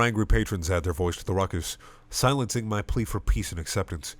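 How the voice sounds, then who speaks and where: A man reading a comedic parody story aloud with lively comic narration. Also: on the low side, fairly quick, dry recording. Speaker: reader.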